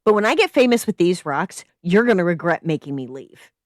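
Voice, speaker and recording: A young woman friend, nonchalant and a bit whiny, brushing off questions about her bag, as a woman puts her on while reading aloud. Her delivery is lively and dry, in a story read on a live stream. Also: lowish voice, fairly quick, no room sound. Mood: sly.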